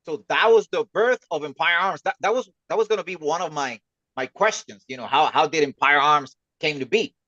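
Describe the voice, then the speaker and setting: A man hosting a casual livestream interview, welcoming guests with halting, repeated words. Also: on the high side, pushed and bright, no room sound, lo-fi sound. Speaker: host.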